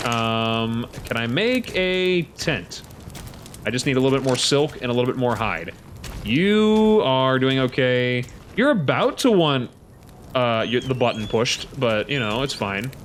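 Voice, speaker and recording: A man giving excitable, chatty commentary while playing a survival game, talking to his creatures as he goes. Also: mid-range voice, a little slow, a little hiss or hum. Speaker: let's play host. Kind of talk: casual gameplay commentary.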